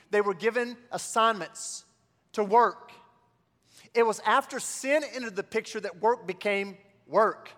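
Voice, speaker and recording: A man's voice: high-pitched, a bit bright, big-room sound. A man preaching a sermon as pastor, building to call-and-response refrains.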